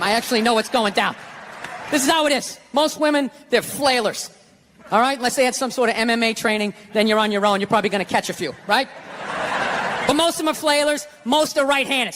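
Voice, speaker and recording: High-pitched, profane stand-up comedian. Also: male voice, sharp tone, a little hiss or hum. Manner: profane, ranting, self-mocking. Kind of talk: stand-up storytelling.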